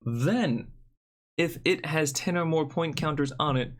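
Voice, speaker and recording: A man's voice: a little high, unhurried. A young man giving a casual, joking card review with blunt opinions.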